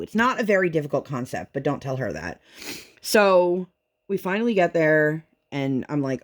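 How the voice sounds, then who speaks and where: Venting mom with a lower voice. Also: female voice, moderate pace. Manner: venting, animated storytelling with acted-out quotes. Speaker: vlogger and mother. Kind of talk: casual chat while crafting. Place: home.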